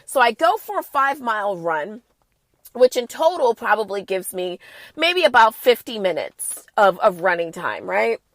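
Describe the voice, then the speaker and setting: A woman hosting a casual podcast, sassy and animated, talking while she has a cold. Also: mid-range voice, normal speed, no echo. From the Bronx. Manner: sassy, animated, playful asides. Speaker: podcast host. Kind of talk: casual chat.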